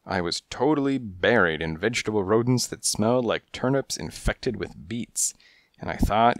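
A man narrating a first-person noir detective storybook in a hardboiled, measured storytelling manner, on a close mic. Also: on the low side, expressive, no room sound. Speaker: audiobook narrator.

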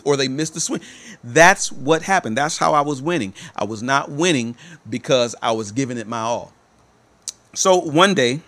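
A man's voice: mid-range voice, fairly bright tone. A man telling a personal story to his viewers, speaking emphatically and repeating that he is telling the truth. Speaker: motivational speaker.

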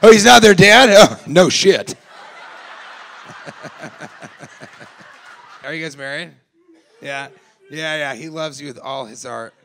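A man doing improvised stand-up crowd work, teasing people in the audience, laughing often and shouting out punchlines. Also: fairly high pitch, slow pace, gravelly, long pauses, slight background noise. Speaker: stand-up comedian. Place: live comedy club.

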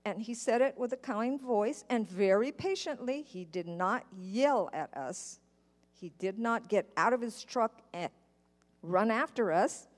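Telling children a story in the church sanctuary, this woman speaks expressively and at a measured pace in a medium pitch. She stays patient and questions her listeners, heard through a church live stream full of long hall reverb.

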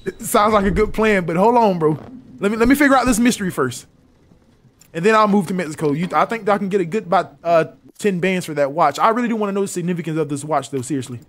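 A man's voice: high voice, fast, fairly bright tone. A young man streaming a game live, commenting in an exasperated, profane way and repeating himself. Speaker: gaming streamer.

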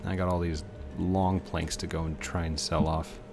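A man's voice: deep voice, level tone, normal speed, gravelly, music in the background. A man giving casual, rambling commentary while playing a video game, talking to himself and the game. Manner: chatty, talks to himself and the game.

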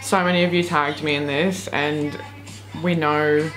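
A woman from far North Queensland with an Australian accent, reacting to clips in an excitable, sweary, giggly way. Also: low-pitched, a little slow, faint music behind. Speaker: YouTuber reacting to videos. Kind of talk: casual reaction commentary.

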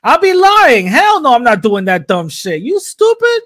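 A man's voice: very high-pitched, wildly swooping pitch, normal speed, pushed and bright. A man on a casual podcast, telling a heated story with lots of profanity and acted-out quotes. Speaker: podcast co-host.

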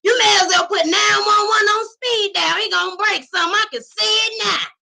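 A woman comedian voicing judgmental older men at a gym who loudly scold her. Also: extremely high pitch, steady tone, fairly quick, creaky, pitched above the performer's own voice, exaggerated voice. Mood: alarmed. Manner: loud, scolding, nagging.

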